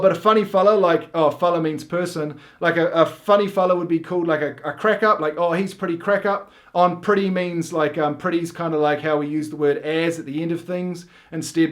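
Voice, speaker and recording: A middle-aged man with a New Zealand accent, rambling and deadpan as he explains slang, full of fillers and self-interruptions. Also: on the high side. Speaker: comedy video host.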